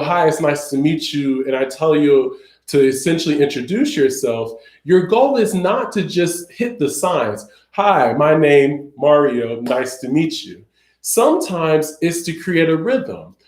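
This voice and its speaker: Guy teaching sign language class, bit higher voice, chatty explaining, roomy echo. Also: sing-song, unhurried, a little mellow. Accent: Southern American. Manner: conversational, explains with everyday examples. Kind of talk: recorded class lecture. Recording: echoey room.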